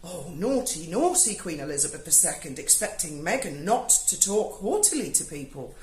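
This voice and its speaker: A woman's voice: on the low side, very animated, moderate pace, a little mellow, roomy sound, rough recording. A British woman, giving a sarcastic, sweary video review monologue. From Britain. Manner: sarcastic, swears freely, mocking asides. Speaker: YouTuber. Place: home in Spain.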